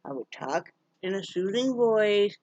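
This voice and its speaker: A woman from Wyoming talks in a chatty, folksy way. Her voice sits at an ordinary middle pitch and often slips into coaxing, sing-song baby talk. The sound is dry, with no room echo. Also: expressive, a little slow, darkish tone, highs cut off. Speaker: vlogger, pet rescuer. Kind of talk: casual home vlog.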